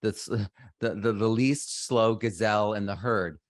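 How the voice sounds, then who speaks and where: Middle-aged male guest, low register, rambling and self-interrupting, dry booth sound. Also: measured pace, dry recording. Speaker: podcast guest. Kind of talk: casual interview conversation.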